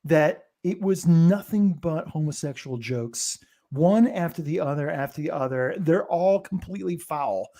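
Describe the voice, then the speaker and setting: A podcast guest with a middle-pitched voice joins the chat and tells a story about a roast, stressing the key words as he goes. The talk stays casual. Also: a little slow, few pauses, mellow.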